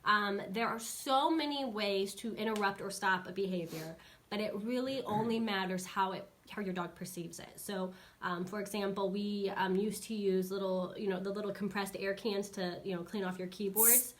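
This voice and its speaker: A woman in her thirties, a dog trainer on a casual live stream, talking in a chatty, animated way. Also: normal speed. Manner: chatty, animated, acts out dogs and kids in high squeaky voices.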